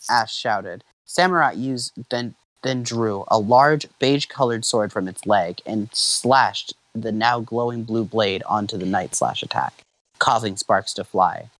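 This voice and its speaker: A young man reading fanfiction aloud to friends on a call, tripping over creature names and backing up to fix them. His voice is mid-pitched and sounds close and dry, with no room around it. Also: measured pace, a bit bright, no echo, low-quality recording. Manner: stumbles on names, restarts. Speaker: fanfiction reader. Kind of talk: casual read-aloud with friends.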